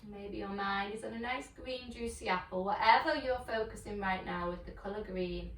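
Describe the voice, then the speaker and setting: A woman teaching yoga, guiding breath and chanting in a slow, soothing, gentle way. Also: mid-range voice, reverberant, far from the mic, a little hiss or hum. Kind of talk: guided yoga and meditation instruction. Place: home room on a video call.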